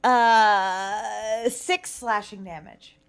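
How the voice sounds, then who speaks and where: A woman plays a tabletop game, talking slowly and hesitantly. She trails off into fillers as she works out her turn. Her voice sits at a middle pitch. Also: steady tone, clean tone. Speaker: player.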